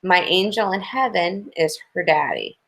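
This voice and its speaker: A woman reads out listeners' questions in a plain, low-pitched voice. She spells out names as she reads from the messages. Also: animated, unhurried, a bit bright, rough recording. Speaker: co-host reading listener questions.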